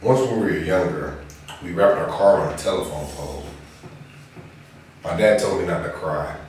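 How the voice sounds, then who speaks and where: A young man with a fairly low voice delivers a dramatic spoken-word confession. He is earnest, sinking to a hush and then rising with passion. He is recorded far from the mic in a very echoey room with a faint hiss behind him. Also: normal speed. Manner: earnest, swings from hushed to impassioned.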